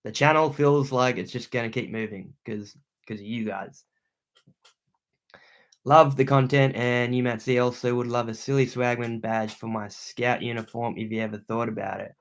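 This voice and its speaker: A man's voice: medium pitch, fairly even intonation, moderate pace. A young Australian man hosting a livestream from a room at home, reading viewer comments aloud and thanking them in laid-back slang. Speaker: outdoor channel host.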